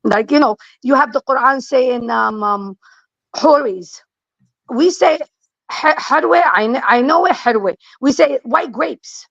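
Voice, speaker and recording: A blunt, emphatic middle-aged woman, her voice a touch high and gravelly with fry. She talks casually and repeats her points for weight. The sound is dull and lo-fi in a dry, dead space. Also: slow, fairly bright tone, dry recording. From Lebanon. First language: Aramaic. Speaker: guest. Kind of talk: casual conversation.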